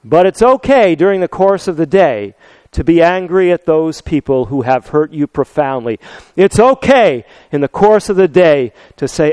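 Older male preacher, earnest and animated sermon, smooth resonant tone. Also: high-pitched, normal speed, dry recording, rough recording. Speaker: pastor.

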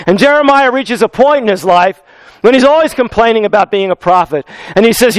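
High-voiced pastor preaching a sermon. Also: male voice, brisk, no room sound, low-quality recording. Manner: acts out biblical voices in a lively storytelling way.

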